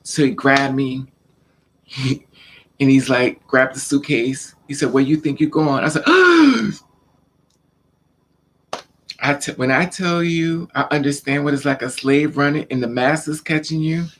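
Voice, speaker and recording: A man's voice: medium pitch, steady tone, moderate pace, fairly bright tone, a little hiss or hum. A man telling a personal story in a casual vlog, acting out scenes and repeating words for emphasis. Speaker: vlogger.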